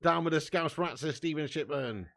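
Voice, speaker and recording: A man's voice: fairly high pitch, normal speed, vocal fry. A young man hosting a live football watch-along stream, commentating with swearing and banter while reading out chat messages. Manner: sweary, banter-heavy, swings from glum muttering to shouting and laughing.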